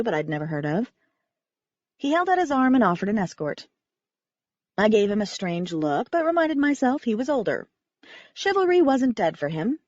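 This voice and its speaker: A woman reading a first-person audiobook in a wry, expressive narration. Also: medium pitch, no echo, muffled recording.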